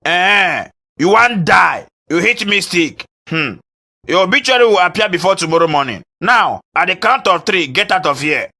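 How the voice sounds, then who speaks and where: Bossy threatening Nigerian cartoon dad played by a man, bright-edged voice. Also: high-pitched, animated, moderate pace, exaggerated voice. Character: blustering cartoon father and bossy assistant.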